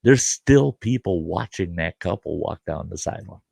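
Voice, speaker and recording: A man's voice: sits low, lively intonation, normal speed, creaky, a little mellow, husky, no room sound, pitched below the performer's own voice, heavily acted. An older man quoting his exasperated wife as she scolds him. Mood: scolding. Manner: scolding, firm.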